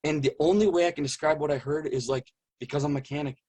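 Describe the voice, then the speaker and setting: Male interview guest, husky and a bit high, earnest, halting testimony. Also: fairly even intonation, darkish tone. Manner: earnest, halting, searching for words. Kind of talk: personal testimony in conversation.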